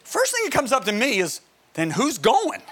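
Animated bright-voiced male preacher. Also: very high voice, moderate pace. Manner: animated preacher, emphatic, asks the crowd questions. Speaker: pastor. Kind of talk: sermon.

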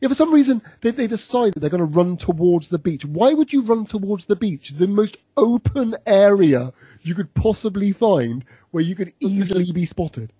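A man on a podcast reviews an episode in loose, rambling chat, padding his talk with fillers and breaking into laughter. His voice is mellow and slightly husky, somewhat high for a man, and recorded dry and close. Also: lively intonation, moderate pace, few pauses, no echo. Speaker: podcast host.

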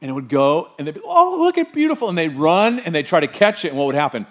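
A middle-aged man pastor preaching an animated sermon and quizzing the congregation with questions. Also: a little high, fast talker.

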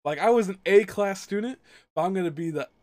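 A young man co-hosting a casual podcast rants through a school story, swearing heavily and acting out both sides of the argument. His voice sits high with a darkish tone, moves fairly quickly, and has no echo.

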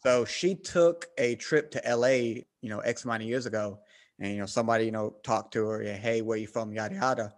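A man's voice: medium pitch, fairly quick. A man from the United States talking casually, telling stories and acting out other people's quoted voices. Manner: animated storyteller, acts out quoted voices. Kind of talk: casual conversation.

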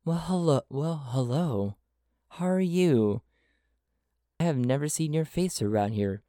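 A man voicing a friendly male local in a tabletop game who welcomes a newcomer warmly and drops in Spanish greetings. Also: mid-range voice, very animated, slow, no echo, clean studio sound.

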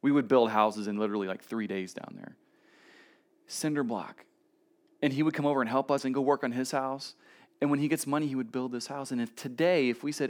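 A man in his thirties preaching a casual, storytelling sermon at a church service, swinging between emphatic lines and quiet asides. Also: mid-range voice, fairly quick. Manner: conversational storytelling, shifts between loud emphasis and soft asides. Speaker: pastor.

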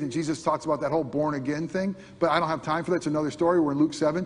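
Male pastor, high husky voice, animated sermon with acted-out voices, long hall reverb. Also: rapid-fire, few pauses. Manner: animated preaching, acts out imagined voices, swings from loud to hushed.

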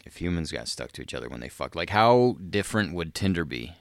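A man's voice: low voice, very animated, brisk, creaky, no room sound, clean studio sound. A man hosting a podcast with a crude, rambling comedic monologue, swearing a lot and laughing in the middle of sentences. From South Dakota. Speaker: podcast host.

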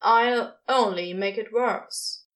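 A woman voicing an excitable male demon who talks in an eager, casual drawl. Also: fairly high pitch, slow pace. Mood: urgent. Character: brash excitable male demon, young-sounding.

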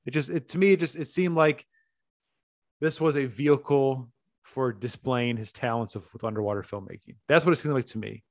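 A man's voice: medium pitch, a little fast, no room sound, studio quality. A man co-hosting a podcast in casual chat, blunt, cursing freely and laughing between his points. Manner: blunt, swears freely, laughs mid-sentence. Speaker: podcast co-host.

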